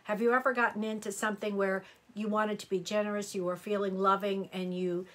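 A woman's voice: medium pitch, flat delivery, brisk, fairly bright tone. A middle-aged woman reading horoscopes on a live stream, chatty and exclamatory, answering viewer comments as she goes. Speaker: astrology reader.

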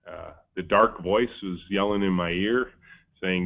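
A man's voice: sits low, measured pace, gravelly. A man, a company founder, giving a storytelling webinar talk and acting out the dialogue in his stories. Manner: lively storyteller, acts out quoted dialogue. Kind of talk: storytelling keynote. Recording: tinny phone-like webinar audio.

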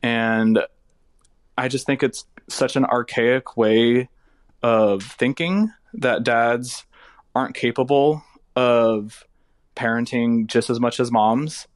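A man from Texas leaving a recorded voicemail question for a podcast, earnest and steady. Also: mid-range voice, takes it slowly, no room sound. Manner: earnest and steady, plainly stating a grievance. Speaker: caller.

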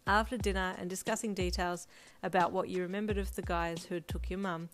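A woman reading a fanfiction story aloud as narrator, steady and storytelling. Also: lowish voice. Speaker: fanfiction reader. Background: faint lo-fi drum music.

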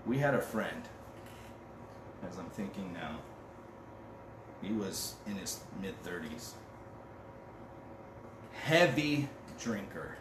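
A man's voice: low voice, animated, slow pace, long pauses. A man preaching a conversational sermon as pastor, joking casually and reading scripture aloud. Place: church. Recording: roomy and distant with background noise.

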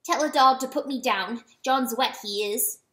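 A woman's voice: high voice, normal speed, sharp tone. A woman voicing a wounded male weasel who speaks weakly and bitterly. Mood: bitter grumble. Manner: weak, bitter mutter. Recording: roomy echo.

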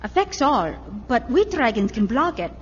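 A woman voicing a naive, pregnant female dragon who speaks in halting, broken English, in a radio drama. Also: a little high, sing-song, husky, big-room sound, dull audio. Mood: earnest.

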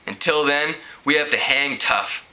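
A man plays a cocky, scheming high school boy who jokes his way through trouble. He talks persuasively, in a very bright voice. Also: measured pace, poor audio. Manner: joking, persuasive. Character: scheming wisecracking teen boy.

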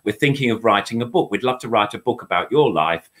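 Older man, low husky voice, casual rambling stories, chatty guest. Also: animated, fast talker, fairly bright tone. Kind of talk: casual reminiscing chat.

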